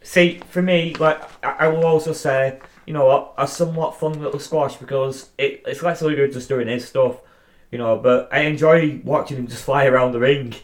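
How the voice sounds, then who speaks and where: A man's voice: mid-range voice, fairly even intonation, moderate pace. A young man in a mid-range voice gives his views as a podcast co-host, leaning on swear words for emphasis. He chats casually and chuckles at himself now and then. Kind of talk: casual opinion chat.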